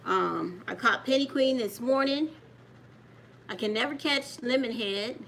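A woman holds her phone and runs a casual live stream from home. Her voice sits a little high and rings bright and sharp. She chats freely with viewers while scolding a kid in between. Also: unhurried, creaky, a little hiss or hum. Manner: chatty, talks straight to viewers while scolding a child off-camera. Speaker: coin channel host. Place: home room. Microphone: handheld phone.

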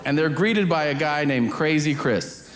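A man doing stand-up, his pitch swinging wide as he tells the story and slips into voices. The recording is roomy, with live-crowd ambience clearly under him. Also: measured pace, a little hiss or hum. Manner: animated, acts out voices. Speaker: stand-up comedian.

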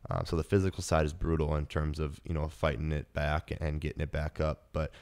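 Very deep-voiced young man, earnest. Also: level tone, a little fast, a little mellow. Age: 20s. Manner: earnest, emotional, lots of fillers and restarts. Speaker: podcast host. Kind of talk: casual personal storytelling.

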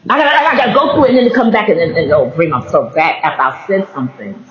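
A man's voice: on the high side, lively intonation, quick pace. A man talking in a casual faith-based monologue, rambling, laughing often and restarting mid-thought. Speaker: vlogger. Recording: roomy, slightly dull recording.

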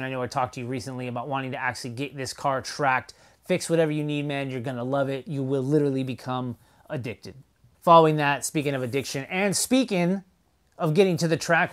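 Man, enthusiastic car-vlog host, loose rambling delivery, slightly high-pitched. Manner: enthusiastic, rambling, fillers like "you know". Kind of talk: casual weekly recap vlog.

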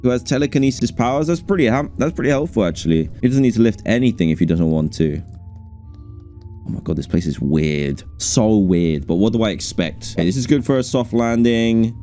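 A man giving live gameplay commentary as a gaming streamer, excitable and jumpy, with frequent laughter. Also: fairly low pitch, fairly quick, faint music behind.

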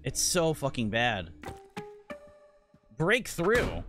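A man's voice: medium pitch, huge pitch swings, extremely slow, loud music behind the voice. A young man streaming a game, rambling and swearing as he plays. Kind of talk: casual live gameplay commentary. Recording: loud game engine noise behind.

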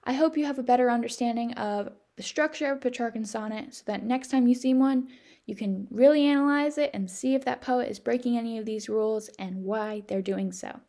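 A young woman, a student tutor, explaining a lesson in a clear voice-over, slowing down to spell out terms. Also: fairly high pitch, warm tone. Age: young adult.

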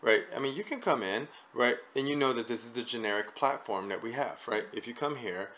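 A man's voice: mid-range voice, animated, fairly quick, pushed and bright, slight background noise. A man hosting a casual talk show, rambling and repeatedly asking "right?" as he makes his points. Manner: rambling, peppers lines with "right?". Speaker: podcast host. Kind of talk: casual conversational chat. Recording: dull lo-fi recording.

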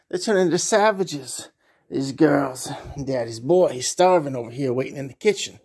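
A man's voice: a little high, husky. A man rambling casually to his pets in crude baby talk, calling himself by a nickname in the third person.

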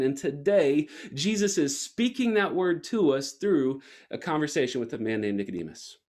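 A male pastor delivering a sermon with a repetitive, building cadence, rising to emphatic peaks and slowing down for weight. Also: fairly high pitch, expressive, a little mellow. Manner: earnest and reflective, slowing for weight.

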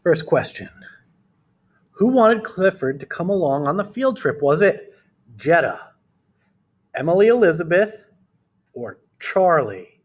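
A man's voice: a little high, big pitch swings, a little slow, long pauses, husky. A man reading a picture book aloud to children, then leading a friendly art lesson with playful quiz questions. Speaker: art teacher.

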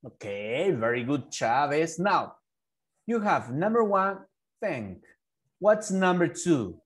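Spanish-speaking guy teaching english on a video call, slow and bouncy, repeats stuff patiently. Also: on the high side, very animated. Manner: patient, repeats and drills words. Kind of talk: online English lesson for a child.

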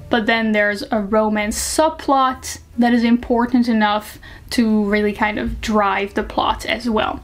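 A young woman talking casually and frankly into the camera, reviewing books in a chatty way full of fillers. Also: a little high. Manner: chatty, frank, lots of fillers like "like" and "you know". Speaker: book reviewer. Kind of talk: casual book review vlog.

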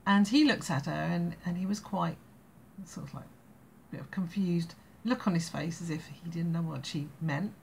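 A woman's voice: on the low side, normal speed, creaky, slight background noise. An English woman in her sixties telling a family anecdote in a casual, rambling way, laughing between phrases. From England. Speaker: storyteller vlogger.

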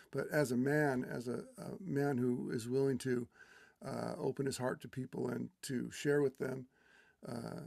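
A middle-aged man from California remembering his mentor at a memorial, talking haltingly with many restarts and trailing off softly. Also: mid-range voice, creaky, no room sound, studio quality. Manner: halting, with many restarts and fillers, growing quiet and tender. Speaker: guest speaker at a memorial. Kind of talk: heartfelt personal remembrance.

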